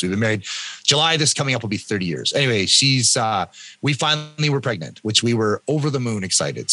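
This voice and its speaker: A Canadian man in his fifties telling his own story in an interview with animated delivery, often acting out the voices of other people. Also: low-pitched, no echo. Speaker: guest, endurance athlete and coach.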